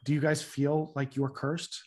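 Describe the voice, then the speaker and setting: An interviewer with a mid-range voice asks questions gently. The interviewer reassures the guests and laughs along with them easily. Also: medium pitch, little pitch movement, a little slow. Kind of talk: casual interview.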